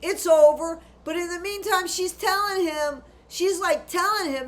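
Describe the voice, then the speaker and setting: A woman with a notably high voice delivers true crime commentary in a ranting style. She is blunt and indignant and swears freely. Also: lively intonation, measured pace, few pauses.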